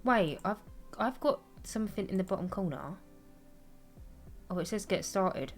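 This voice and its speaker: A young woman with a mid-range, animated voice chats casually on stream while gaming, a little slowly, over soft background music. She reads chat aloud, rambles, and often laughs at herself in a self-deprecating way.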